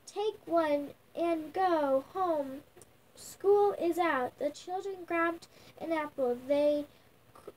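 A woman's voice: very high voice, slow, darkish tone, poor audio. A young girl reading a picture book aloud at home, sounding out words with restarts. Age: child. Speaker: young reader.

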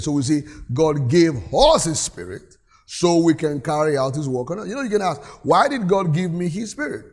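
Reading scripture aloud during a church sermon, a male pastor draws answers from the congregation in call-and-response style. He speaks at normal speed in a very animated voice on the high side, a little mellow with a breathy edge.

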